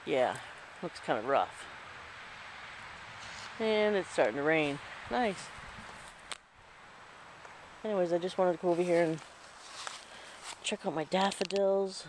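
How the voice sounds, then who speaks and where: A man's voice: high voice, slow pace, long pauses, background noise. A man chatting casually as he walks through his outdoor garden in light rain, recorded on a handheld camera. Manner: rambling, chatty. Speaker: vlogger. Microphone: handheld camera mic.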